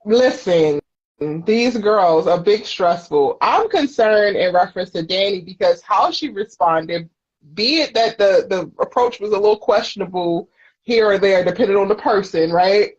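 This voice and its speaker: A co-host with a husky, mid-pitched voice talks bluntly and gets heated when making a point. It is a casual aftershow chat. The audio is a little dull, like a compressed stream. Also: animated, moderate pace.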